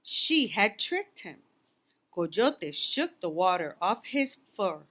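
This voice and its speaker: A woman, a guest reader, reading a children's picture book aloud with expressive storytelling. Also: mid-range voice, slow.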